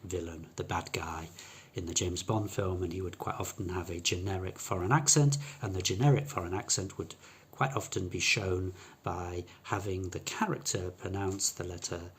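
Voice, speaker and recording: A man's voice: low-pitched, fairly even intonation, moderate pace, slightly rough. A man teaching English pronunciation, explaining patiently with fillers and restarts and demonstrating sounds by contrasting them. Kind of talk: pronunciation lesson.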